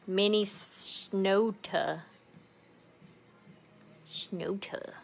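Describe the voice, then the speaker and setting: Woman, casual live co-host, chatty and quick to laugh. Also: medium pitch, fairly even intonation, vocal fry, soft background music. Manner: chatty, laughs often, reads viewer comments aloud. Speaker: craft channel co-host. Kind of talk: casual livestream chat while crafting.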